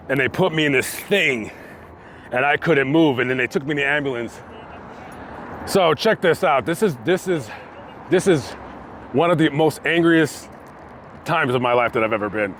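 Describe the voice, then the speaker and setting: A man vlogging outdoors by a busy street, telling a story with lively acted-out quotes. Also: fairly high pitch, moderate pace, pauses often. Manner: animated storytelling, acting out quotes. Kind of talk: storytime vlog told on location. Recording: faint street noise outdoors. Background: passing traffic.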